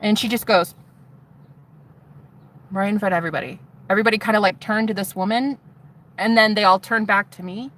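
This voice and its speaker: A young woman telling a personal story to her viewers in an animated, swearing way, acting out what others said. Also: mid-range voice, brisk, long pauses, rough recording. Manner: animated, swearing, acts out quotes. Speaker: vlogger. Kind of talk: storytelling testimony.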